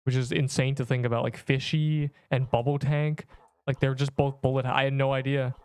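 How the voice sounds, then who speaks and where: A man's voice: medium pitch, little pitch movement, normal speed, darkish tone, clear, resonant tone, no room sound. A man in his twenties livestreaming a game, chatting casually and rambling as he reads chat messages aloud.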